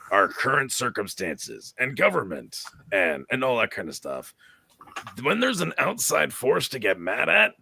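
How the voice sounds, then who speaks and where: A man's voice: on the low side, creaky, sharp tone, slightly rough. A man hosting an opinionated casual chat, talking emphatically and often repeating words. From Canada. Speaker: host.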